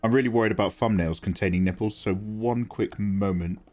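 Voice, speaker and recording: A man's voice: lowish voice, steady tone, a little fast, darkish tone, faint music behind. A man chatting casually and self-deprecatingly on a live art stream while he draws, reading chat aloud.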